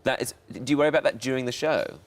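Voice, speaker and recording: A man's voice: medium pitch, rapid-fire. A man chatting casually and reading out fan questions, playful and teasing. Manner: playful, teasing, swooping intonation. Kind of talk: casual chat.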